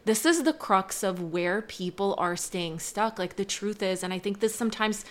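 An earnest woman coach talking on a podcast at a middle pitch. She lays out her points with steady emphasis, pushing them harder as she goes. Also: moderate pace. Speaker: guest coach. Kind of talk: casual podcast chat.

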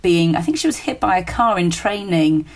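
A woman's voice: on the low side, expressive, normal speed. A woman hosting a podcast, chatting casually and hesitantly with frequent ums and uhs. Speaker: podcast host. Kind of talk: casual chat.

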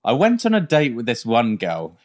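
Lively young male podcast host. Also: mid-range voice, normal speed. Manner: laughs often, teasing. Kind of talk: casual chat, reading audience stories.

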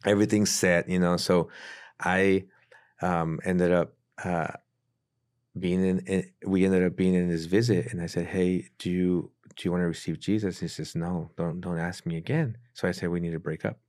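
A man with a deep, low voice tells his own story as a podcast guest. He speaks earnestly and casually, lowering his voice whenever he acts out a conversation. The sound is dry and close to the mic. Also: flat delivery, normal speed, no room sound. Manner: earnest storyteller who acts out quoted dialogue in a hushed voice. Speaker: pastor. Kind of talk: casual testimony in a podcast interview.

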